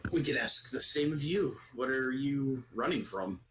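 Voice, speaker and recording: A man's voice: mid-range voice, expressive, unhurried, background noise, natural voice. A man voicing a warforged robot character in a plain, matter-of-fact way. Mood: calm. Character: calm male warforged, a robot.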